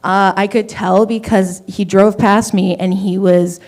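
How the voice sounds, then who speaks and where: A woman's voice: medium pitch, fairly even intonation, unhurried, a little mellow. A woman from Canada performing stand-up at an open mic in a small comedy venue. She tells her story casually and chattily, swears freely, and makes self-deprecating asides.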